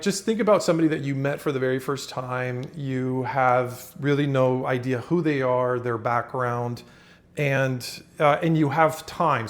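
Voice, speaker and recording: Conversational man teaching a lesson. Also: mid-range voice. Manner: conversational, with frequent fillers and restarts, acting out example phrases. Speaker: communication coach. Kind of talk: casual talking-head lesson.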